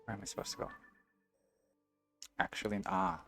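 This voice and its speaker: A man plays a video game on stream, chatting casually, musing aloud, and reading and answering viewers as he goes. His voice is pushed and bright at a normal speed, with soft music in the background.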